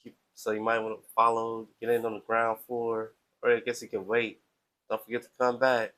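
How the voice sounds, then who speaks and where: A man's voice: medium pitch, completely flat delivery, normal speed, a bit bright, rough recording. A man hosting a live stream, talking casually in a playful, chatty, self-promoting way.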